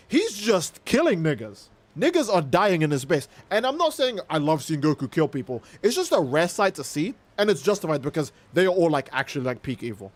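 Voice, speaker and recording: Excitable, profane young male streamer. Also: a little high, normal speed. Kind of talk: casual livestream commentary.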